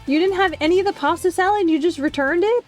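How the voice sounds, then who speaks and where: A woman's voice: sits high, a little mellow. A woman streamer chatting casually while she draws, telling a story with lots of swearing and mocking voices. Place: home streaming setup.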